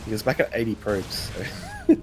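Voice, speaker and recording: A man casting a live strategy game in a relaxed, chatty way, half asleep, with many pauses and small laughs. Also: mid-range voice. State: sleepy. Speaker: esports caster. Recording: faint game music underneath.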